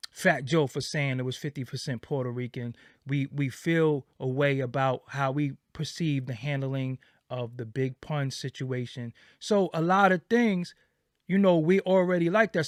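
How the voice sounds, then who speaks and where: A man with a somewhat high voice gives casual commentary as an interviewer. He talks emphatically and repeats his points for weight. The sound is dry and close. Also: no echo. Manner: emphatic, repetitive, acts out quoted reactions.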